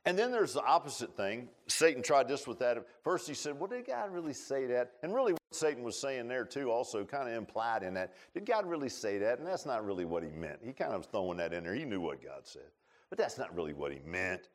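Folksy preacher, rising and falling. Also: male voice, very animated. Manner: folksy, swings from loud pleading to low asides; acts out quotes with drawn-out voices. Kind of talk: sermon.

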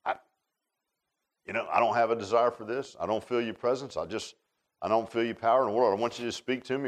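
A man's voice: mid-range voice, fast. A man preaching a sermon as pastor, in a folksy, conversational way, repeating phrases and calling people "man".

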